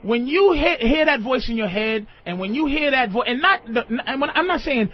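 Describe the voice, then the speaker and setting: A man hosting a call-in radio show, loud, profane and excitable, constantly interrupting. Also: very high-pitched, moderate pace. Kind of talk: crude call-in radio banter. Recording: dull lo-fi radio audio, faint hiss.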